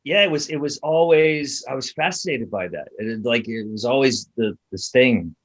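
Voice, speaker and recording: Halting man asking questions. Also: medium pitch. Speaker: podcast co-host. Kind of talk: casual interview questions.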